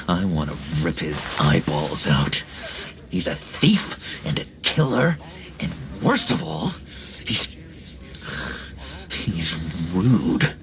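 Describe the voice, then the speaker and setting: Clingy unstable ex-inmate, slow drawl, wild pitch swings, game voice. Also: male voice, very animated, noisy background, exaggerated voice. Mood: spiteful. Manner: erratic, whispery, swings from pleading to threatening. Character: unstable, clingy man, ex-asylum inmate with sudden menace. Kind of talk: video game voice acting.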